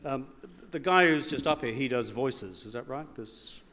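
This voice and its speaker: A man's voice: mid-range voice, normal speed, pushed and bright. A middle-aged Australian man giving a formal evening speech with joking asides and rhetorical repetition, in a large hall. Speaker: speaker. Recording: long hall reverb.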